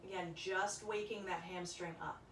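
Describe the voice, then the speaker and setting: A woman leading a yoga class, giving calm, soft-spoken cues through breathing and stretches. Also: on the low side, normal speed, a little hiss or hum. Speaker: yoga instructor. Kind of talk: guided yoga class instruction. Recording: echoey room, voice from a distance.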